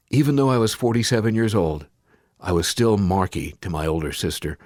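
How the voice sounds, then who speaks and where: Male audiobook narrator, very low voice, dry close sound; first-person memoir read. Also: fairly quick, darkish tone, no room sound. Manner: acts out anguished quoted cries, rising to pleading.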